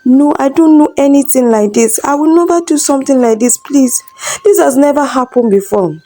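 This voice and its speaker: A woman's voice: on the high side, animated, measured pace, dark tone, dry recording, voice pushed up. A woman voicing a young wife on her knees, begging her husband to believe she is innocent. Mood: desperate pleading. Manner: begging, tearful pleading. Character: desperate pleading wife, young adult.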